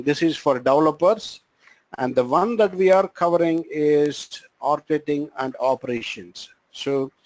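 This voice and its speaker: A man with an Indian English accent walks students through cloud computing basics in a live training session. His voice sits a little high and the recording is dry and close. He pauses often and fills the gaps with fillers and restarts. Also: no echo, rough recording. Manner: halting, frequent fillers and restarts. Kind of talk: live online training lecture.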